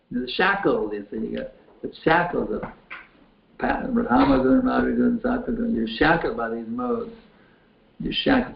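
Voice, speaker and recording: A spiritual teacher answers questions from a chat window in a folksy, repetitive way, often restarting his phrases. His mid-range male voice has vocal fry, with a little hiss or hum. The audio is a tinny, phone-like line in an echoey room.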